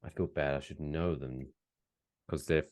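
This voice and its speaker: This man co-hosts a podcast, rambling through a casual chat and laughing at his own jokes. His voice sits extremely low, with a steady, unhurried, slightly mellow tone.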